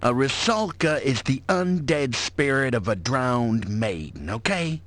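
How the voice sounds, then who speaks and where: A drawling, slangy villager. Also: male voice, mid-range voice, expressive, unhurried, fairly bright tone. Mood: laid-back. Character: laid-back slangy male villager. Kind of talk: video game voice acting.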